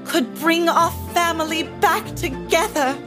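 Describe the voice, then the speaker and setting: A woman voicing a flustered, hurried young noblewoman who stammers with Regency politeness. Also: very high-pitched, over music. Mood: urgent. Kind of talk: actual-play character voice.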